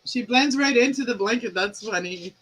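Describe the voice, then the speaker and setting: A woman's voice: fairly high pitch, moderate pace, over a noisy crowd, low-quality recording. A woman hosting a live stream, chatting loosely on a webcam and laughing often. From Canada. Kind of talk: casual chat.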